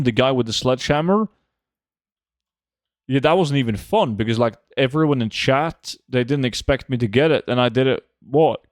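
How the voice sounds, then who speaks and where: A man, streaming a game and chatting casually with viewers, relaxed and full of fillers. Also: mid-range voice, no echo, clean studio sound. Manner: relaxed, answers chat with many fillers. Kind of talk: casual live-stream chat.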